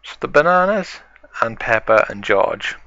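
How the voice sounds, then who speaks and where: Slow gravelly man narrating toy play. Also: mid-range voice, big pitch swings, pushed and bright, no echo, highs cut off. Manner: plain storytelling, halting. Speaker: toy channel host.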